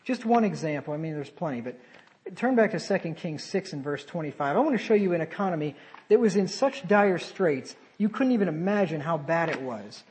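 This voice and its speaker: A man preaching a sermon, animated, with sarcastic asides and sudden drops to a quieter voice. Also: a little high, a little fast, rough recording.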